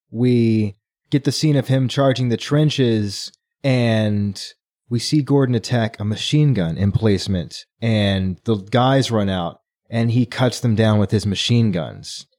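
A man co-hosting a book podcast, eagerly retelling scenes and acting out the characters' lines. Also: lowish voice. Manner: excited retelling with acted-out quotes. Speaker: podcast co-host. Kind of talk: casual book club chat.

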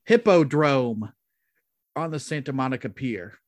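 A man hosting a casual podcast chat, relaxed and hesitant, with many fillers. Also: medium pitch, unhurried, no room sound. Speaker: podcast host.

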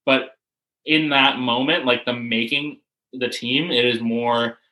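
A young man casually telling a story, animated and full of filler words, often acting out what people said. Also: medium pitch, slow, rough recording. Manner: animated, swearing, many "like" fillers, acts out quotes. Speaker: rugby player, guest.

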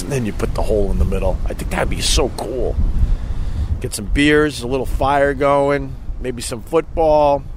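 A middle-aged man hosting a casual livestream outdoors on a beach at sunset, rambling and chuckling as he reads viewer comments. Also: lowish voice. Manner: rambling, chuckling, loose and profane. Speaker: livestream host. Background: wind and faint outdoor noise.

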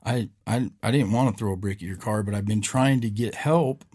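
A man's voice: fairly low pitch, brisk, a little mellow, close to an everyday voice. A man voicing a polite tearful little boy. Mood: pleading. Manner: apologetic, pleading.

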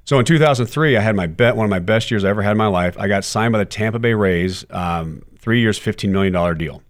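Low-ish voiced guy in his 40s telling stories on a podcast, blunt, swears a lot. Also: fast. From United States. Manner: animated storyteller, curses freely, acts out quotes. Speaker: guest, former baseball player. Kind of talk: candid interview storytelling.

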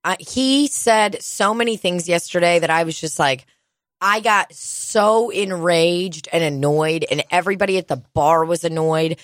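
A woman telling stories in casual chat, animated and swearing freely, often mimicking other people in a gruff low voice. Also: unhurried, dry recording, clean studio sound.

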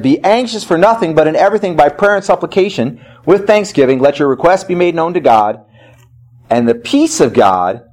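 A man preaching a sermon as pastor, swinging from loud emphatic cries to low quiet asides.

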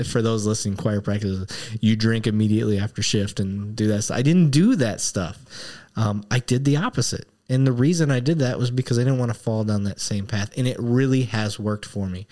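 This podcast host is a man in his thirties whose voice is fairly low and a bit mellow. In casual conversation he talks candidly, rambles somewhat, and gets emotional at times.

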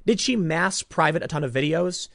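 A sarcastic man giving opinionated commentary in a fairly high, very lively voice. He mocks as he goes, jumping from loud outbursts to low muttered asides. The recording is close and dry. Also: normal speed, creaky, no echo.

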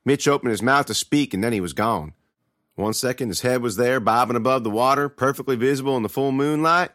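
A man's voice: mid-range voice, brisk, fairly bright tone, dry recording, studio quality. A man giving a dramatic first-person reading of a scripted horror tale. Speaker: storyteller.

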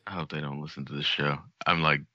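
A man's voice: extremely low pitch, level tone, fast, bright, forceful tone, no echo, highs cut off. A man co-hosting a podcast, teasing and blunt, swearing casually. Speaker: podcast co-host.

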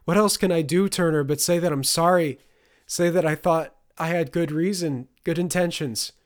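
A man's voice: fairly high pitch, fairly even intonation, moderate pace, voice pushed up, natural voice. A man voicing a desperate pleading mother. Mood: frantic. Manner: rising to near shouts. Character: anguished middle-aged mother, desperate and pleading. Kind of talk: audiobook character voicing.

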